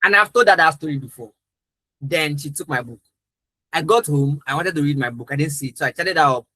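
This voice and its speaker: A man's voice: on the high side, fairly quick, sharp tone, no echo, low-quality recording. A young adult man, a trainer, telling a personal story in an earnest, emphatic way during a live training talk.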